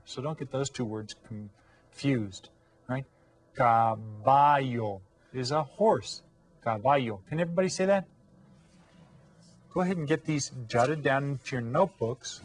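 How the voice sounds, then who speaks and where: A man teaching an elementary school video lesson, speaking in a friendly, encouraging way to young children and stretching out words slowly for them to repeat. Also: medium pitch. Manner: slow, drawn-out modeling of words for children to repeat. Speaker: Spanish teacher.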